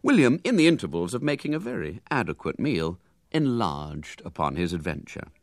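A man reading a children's story aloud with lively, animated narration. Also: fairly low pitch, normal speed, no echo, clean studio sound.

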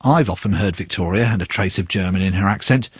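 Wry male documentary presenter, husky. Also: deep voice, quick pace, no room sound. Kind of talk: radio documentary narration.

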